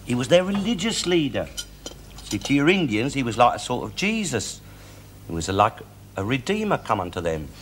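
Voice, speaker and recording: An actor playing a loud, bigoted, blustering middle-aged father, ranting and sneering in an old TV sitcom. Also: medium pitch, very animated, normal speed. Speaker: sitcom character. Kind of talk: 1960s TV sitcom acting. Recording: hissy old TV recording.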